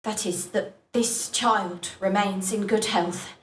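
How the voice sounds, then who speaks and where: An actress playing a proud, coughing Elizabethan mother in a game, speaking in archaic, sharp-tongued phrases. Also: medium pitch, steady tone, takes it slowly, reverberant, far from the mic, close to an everyday voice. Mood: worried.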